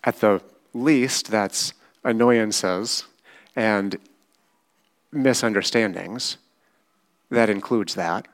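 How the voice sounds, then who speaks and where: A man delivers a sermon in a lowish voice. He speaks very slowly and deliberately, like a patient teacher, and often checks in with his listeners. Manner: slow, measured teaching with frequent "right?" checks. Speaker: pastor.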